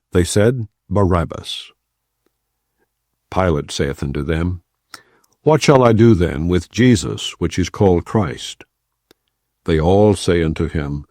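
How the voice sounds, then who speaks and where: A man reading scripture aloud in a solemn, measured way, reading the quoted speech plainly rather than acting it. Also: deep voice, dark tone, dry recording, clean studio sound. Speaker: Bible reader.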